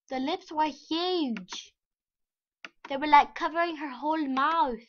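A young woman giving casual, sarcastic commentary over a screen recording, giggly and excitable, sometimes dropping to a whisper. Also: sits high, slow. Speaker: vlogger. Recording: dull lo-fi mic with mouse clicks.

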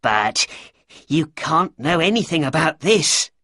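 A man's voice: fairly high pitch, big pitch swings, slow pace, pushed and bright, breathy edge, dry recording, clean studio sound, pitched above the performer's own voice, full character voice. A man voicing a weak, frightened little man who pleads anxiously, in a storybook reading.

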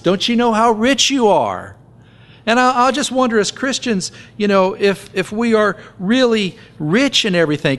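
A man's voice: medium pitch, fairly bright tone. A man pastor giving a conversational sermon, joking and acting out little scenes as he preaches.

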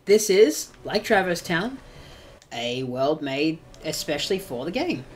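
A woman hosting a let's play, commenting on the game in an excitable way and laughing often. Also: low-pitched, unhurried, slight background noise. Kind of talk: gameplay commentary.

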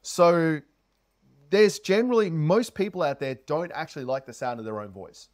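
Energetic man coaching on sales. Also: on the high side, normal speed. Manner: animated, heavy inflection, energetic. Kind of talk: casual advice talk to camera.

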